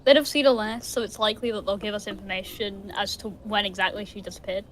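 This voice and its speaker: A woman with a British accent voicing an easygoing young woman who speaks in a relaxed, matter-of-fact way, read aloud from a game. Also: mid-range voice, quick pace, slight background noise, pitched below the performer's own voice, close to an everyday voice. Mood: calm.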